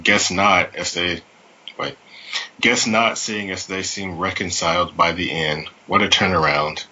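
Slow, deep-voiced man, wry recap. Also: sharp tone, breathy edge, highs cut off. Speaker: podcast co-host. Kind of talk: reading episode recap notes.

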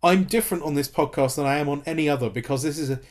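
A man's voice: on the high side, racing. A man in his thirties co-hosting a podcast, chatting with enthusiasm and many fillers and restarts. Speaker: podcast co-host. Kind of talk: casual chat about a TV series.

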